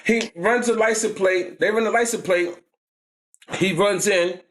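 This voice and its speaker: A man's voice: sits high, fairly even intonation, a little slow, fairly bright tone. A man in his forties with a New York accent, telling stories from his past in a casual vlog, heavy on street slang and frequent "you know what I'm saying.". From New York, United States. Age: 40s. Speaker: vlogger. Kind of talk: casual storytelling.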